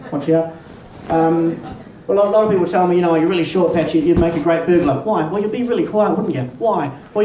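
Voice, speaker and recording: A young man with a New Zealand accent doing a stand-up comedy set, deadpan, profane and self-mocking. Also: on the high side. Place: small pub stage. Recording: echoey pub room, mic far off, noisy.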